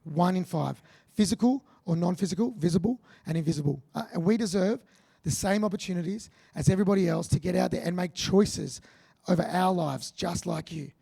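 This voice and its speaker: An Australian man delivers a motivational keynote with punchy, joking energy. His voice sits high for a man, with a gravelly, husky edge. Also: fairly quick. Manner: energetic, punchy, jokey with the audience. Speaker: keynote speaker.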